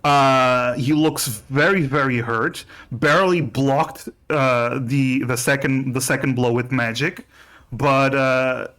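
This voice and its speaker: A man narrating a tabletop game as game master, halting with many restarts. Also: mid-range voice, steady tone, a bit bright.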